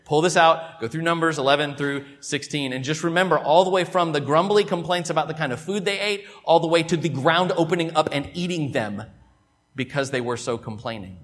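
Emphatic pastor preaching. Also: male voice, a little high, fairly quick. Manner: emphatic, swings from loud to hushed, repeats words. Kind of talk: sermon. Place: church.

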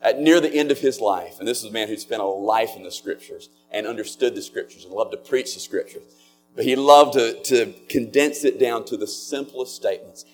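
A man preaching a sermon as a pastor, earnest and slowing down on key words. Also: medium pitch, darkish tone, faint music behind.

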